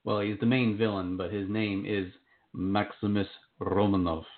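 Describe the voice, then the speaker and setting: A man's voice: on the low side, steady tone, moderate pace. A man, an author being interviewed, talking in an upbeat, casual and enthusiastic way. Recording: tinny phone-like line.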